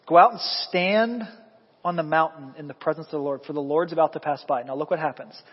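A man preaching a sermon as pastor, animated and quizzing the congregation with questions. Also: a little high, brisk, breathy edge. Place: church sanctuary. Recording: echoey hall, dull lo-fi sound.

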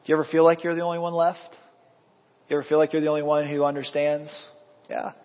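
A man preaching a sermon as pastor, animated and quizzing the congregation with questions. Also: a little high, fast. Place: church sanctuary. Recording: echoey hall, dull lo-fi sound.

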